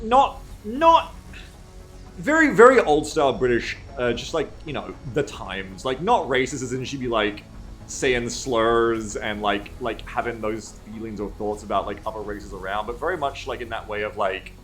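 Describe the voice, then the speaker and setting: A man's voice: on the low side, a bit bright. Rambling, foul-mouthed male streamer. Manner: rambling, swears freely, reads chat aloud. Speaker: streamer reading chat. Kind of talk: casual livestream chat.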